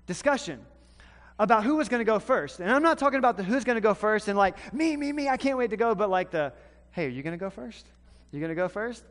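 A man from the American South preaching a sermon, telling a story with animated swings between loud and hushed delivery. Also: high-pitched. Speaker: pastor. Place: church sanctuary. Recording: long hall reverb.

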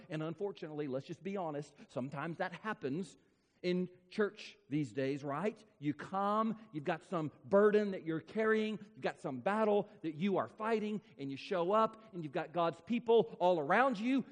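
A man preaching a sermon as pastor, emphatic and repetitive, stretching key words out slowly for effect. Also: high-pitched, expressive. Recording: long reverb of a large hall.

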